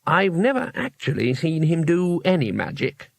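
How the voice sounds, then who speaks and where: A man's voice: a little high, very animated, normal speed, vocal fry, dry recording, voice pushed up, heavily acted. A man reading aloud, voicing a timid, polite male tourist who talks in a raised, hesitant voice. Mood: confiding.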